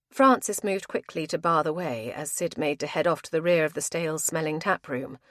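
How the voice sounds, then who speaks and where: A woman narrating an audiobook in a measured storytelling manner. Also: lowish voice, no room sound, studio quality. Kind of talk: scripted narration.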